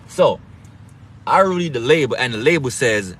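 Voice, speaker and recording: A man's voice: a little high, sing-song, a little slow, fairly bright tone, slight background noise. A man with an accent lectures in a casual, preachy way, swearing often, stressing and repeating words. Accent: non-standard English accent. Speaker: online health talk host.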